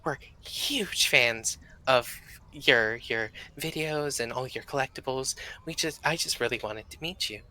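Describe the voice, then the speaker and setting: A man's voice: medium pitch, unhurried, bright, forceful tone. A man voicing an eager young woman adventurer who is a starstruck fan, speaking in a gushing rush.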